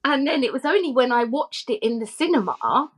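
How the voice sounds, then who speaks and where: A woman's voice: high-pitched, lively intonation, fairly quick, breathy edge. A woman telling an anecdote as a podcast guest, chatty and giggly, with plenty of fillers. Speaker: podcast guest, former film extra. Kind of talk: casual chat, anecdote.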